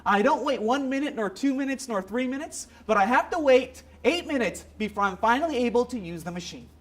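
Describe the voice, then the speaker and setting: A man's voice: extremely high pitch, expressive, a little fast. A man voicing a tired, complaining single man in his late thirties who piles up excuses in a whiny voice.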